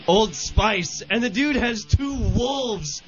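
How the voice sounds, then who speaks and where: A man co-hosting a podcast in casual chat, excitable and gushing as he talks. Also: sits high, slow. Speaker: podcast co-host. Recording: dull lo-fi podcast audio with faint music.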